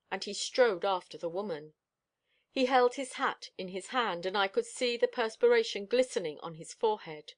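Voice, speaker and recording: A woman narrating an audiobook in steady, expressive storytelling, told as the dog's own account. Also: a little high.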